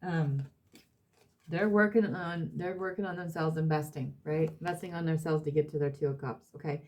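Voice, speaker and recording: A woman's voice: on the low side, fairly even intonation, normal speed, darkish tone. A woman reading tarot cards for her audience, emphatic and blunt, repeating herself and swearing now and then. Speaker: tarot reader.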